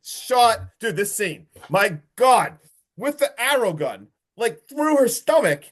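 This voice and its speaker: A man casually recapping a horror movie on a podcast, excitable and profane, often laughing. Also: very high-pitched, slow pace. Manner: excitable, profane, recounts plot with swearing and laughs. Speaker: podcast host. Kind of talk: casual movie review chat.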